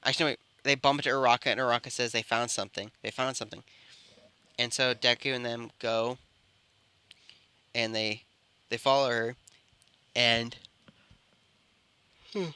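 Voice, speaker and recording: A man improvising a story out loud, rambling and correcting himself mid-sentence. His voice is very bright and crisp. It is recorded close with a dry sound. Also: mid-range voice, fairly even intonation, moderate pace, pauses often, no room sound. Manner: rambling, with frequent self-corrections. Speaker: storyteller and channel host. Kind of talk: improvised fan-fiction storytelling.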